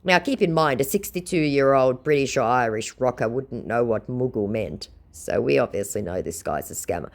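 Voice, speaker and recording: Sarcastic woman with a lively voice. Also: very deep voice, normal speed, few pauses. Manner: mocking, sarcastic. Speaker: scam baiter. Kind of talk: narrated reading of chat logs.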